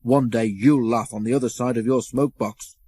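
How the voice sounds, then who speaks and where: A man voicing a boastful male tank engine who is proud and quick to take offence, in a storybook reading. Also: mid-range voice, fairly even intonation, dark tone, husky, no echo, lightly acted. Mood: boastful, cross. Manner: huffy and indignant.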